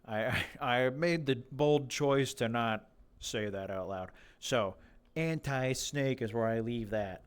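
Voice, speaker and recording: A man's voice: mid-range voice, slow pace, clean tone. Rambling young man streaming a game. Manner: rambling, jokey, talks to animals in a mock interviewer voice. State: slightly losing his voice. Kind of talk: casual solo streaming chatter.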